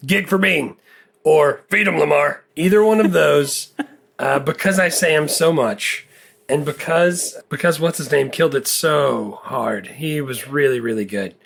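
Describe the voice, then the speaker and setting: A man co-hosting a movie podcast in casual chat, gravelly and self-deprecating, laughing often. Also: fairly high pitch, measured pace, fairly bright tone. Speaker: podcast co-host.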